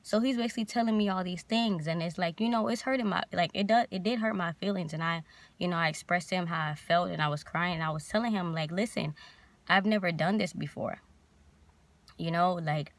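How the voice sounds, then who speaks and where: A young woman vlogger telling a painful personal story in a halting, emotional way, near tears. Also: lowish voice, no room sound.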